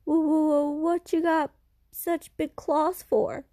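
A woman's voice: high-pitched, animated, normal speed, dark tone, no room sound, clean studio sound, voice pushed up. A woman voicing a scared young boy who stammers over his words. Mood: stammering. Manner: stammering, fearful. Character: frightened little boy, stammering.

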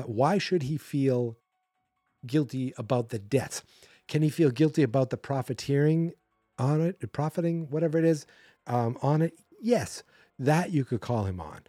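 Male podcast host, dry close mic, mellow dark tone, sarcastic rambling recap. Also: medium pitch, breathy edge, no echo. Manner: sarcastic, rambling, acts out character quotes. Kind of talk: casual movie recap.

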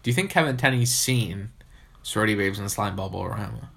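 A young man co-hosting a horror movie podcast, chatting casually, swearing constantly and laughing loudly. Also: lowish voice, fairly quick, creaky, background noise. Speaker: podcast co-host. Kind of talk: casual profane chat.

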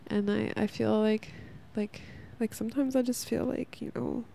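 Gravelly, mellow-voiced woman hosting a podcast. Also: fairly high pitch, fairly even intonation, normal speed, a little hiss or hum. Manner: rambling, earnest, laughs at herself, lots of "like". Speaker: podcast host. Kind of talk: casual spiritual self-help podcast.

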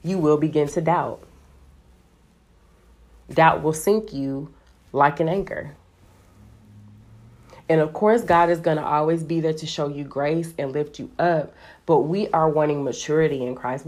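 Low-voiced woman teaching scripture casually. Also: measured pace. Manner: chatty, animated, heavy use of "like". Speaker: Bible teacher.

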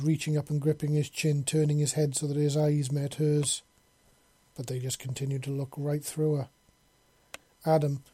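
A storybook narrator reads in a flat, level delivery with little pitch movement. The voice is husky and dark-toned, recorded close and dry. The reading is steady and blunt, coarse words included. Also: no room sound.

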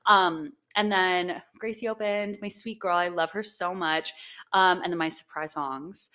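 A woman's voice: fairly low pitch, fairly even intonation, measured pace, sharp tone, smooth. A young woman co-hosting a podcast in casual chat, gushing and swearing freely, with lots of "like" and "um". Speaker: podcast co-host.

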